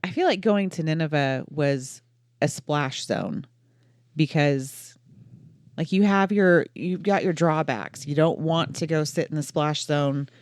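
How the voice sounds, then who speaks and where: A woman's voice: low voice, unhurried, no echo. A woman co-hosting a casual faith podcast, talking things through in a reflective, wry way. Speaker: podcast co-host.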